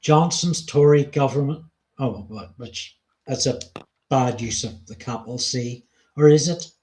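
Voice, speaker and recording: A man's voice: medium pitch, unhurried, a little mellow. A British man co-hosting a podcast, reading policy notes aloud with frequent ums and casual swearing. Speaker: podcast co-host.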